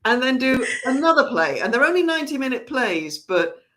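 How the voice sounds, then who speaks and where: A woman's voice: sits high, very animated, fairly quick, fairly bright tone, slight background noise. A woman who runs a theatre company, chatting casually through an announcement with lots of restarts. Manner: chatty, rambling, with frequent restarts. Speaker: artistic director of a theatre company.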